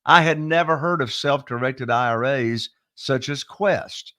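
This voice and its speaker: Southern guy pitching on a webinar, upbeat and salesy, dry close sound. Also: unhurried, no room sound. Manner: energetic, salesy, spells out web addresses. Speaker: real estate investor presenting a webinar.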